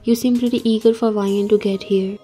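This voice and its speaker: A woman's voice: mid-range voice, fairly even intonation, brisk, dark tone, breathy edge, soft background music, natural voice. A woman reading the part of a playful, mischievous male friend and co-worker in a read-aloud story. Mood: teasing. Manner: joking, mischievous. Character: teasing playful male best friend and employee.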